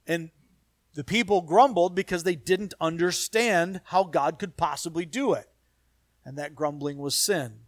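A man preaching a sermon as pastor, building emphasis through repeated phrases and dropping to quiet asides. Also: a little high, unhurried, no room sound.

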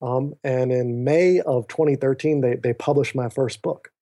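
A man with a mellow, middle-pitched voice tells a personal story as a podcast guest. He acts out the other voices in his dialogue and keeps turning to the host by name. He sounds like he is on a remote call. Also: normal speed. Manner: animated storyteller who acts out quoted dialogue; often addresses the host by name mid-sentence.

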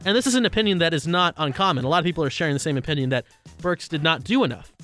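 A man hosts his own talk show, talking through his opinions in a loose, conversational way with plenty of asides and restarts. His voice is bright and sits somewhat high for a man. Faint music plays underneath him. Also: expressive, very fast. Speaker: radio-style show host.

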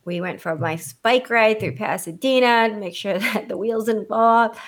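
An adult woman telling a story in casual chat, blunt and animated, swearing freely, with a condescending edge she admits to. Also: mid-range voice, moderate pace. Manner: self-described condescending.

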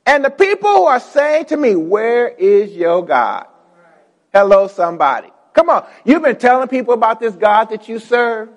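A male pastor preaching a sermon, calling on the congregation, repeating words and rising into shouts. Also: very high-pitched, big pitch swings, a little fast, hardly any pauses, long reverb tail.

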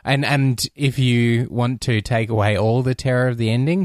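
A man's voice: mid-range voice, normal speed, hardly any pauses, dry recording. Rambling male podcast co-host, dry mic. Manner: rambling, animated, restarts often. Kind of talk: casual film discussion.

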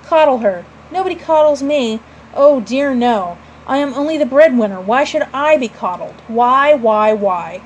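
A woman's voice: on the high side, lively intonation, normal speed, a little mellow, slight background noise, natural voice, poor audio. A woman doing a blustering, pompous storybook father. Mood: indignant. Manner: pompous and indignant. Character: blustering proud middle-aged father.

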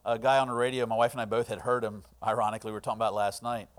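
A middle-aged male pastor delivering a sermon, swinging between hushed, earnest lines and loud, impassioned ones. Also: fairly low pitch, steady tone, very fast, clear, resonant tone.

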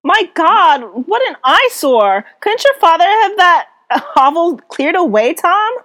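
A woman's voice: very high voice, sing-song, slow, fairly bright tone, voice pushed up, full character voice. A woman voicing a snobbish, posh young man in a playful mock accent while reading aloud. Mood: scornful.

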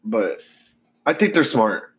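A man's voice: lowish voice, sing-song, takes it slowly. A man co-hosting a podcast, chatting casually with lots of fillers and swearing. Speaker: podcast co-host. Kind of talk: casual chat.

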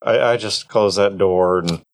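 A man's voice: low-pitched, measured pace. Formal, literal-speaking man playing a character. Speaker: tabletop game player. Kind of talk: in-character role-play.

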